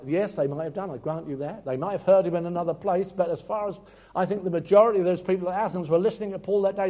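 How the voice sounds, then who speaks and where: Earnest preacher, mellow voice. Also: male voice, high voice, fast. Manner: earnest preaching, swings between loud emphasis and quiet asides. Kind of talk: sermon.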